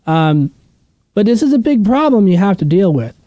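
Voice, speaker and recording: A man leading a relaxed Bible study, blunt and opinionated, who keeps asking questions and then answering them. His voice sits fairly high and swings widely in pitch, with a mellow, dark tone. The sound is dry, with no room echo. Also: normal speed. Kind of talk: casual unscripted teaching.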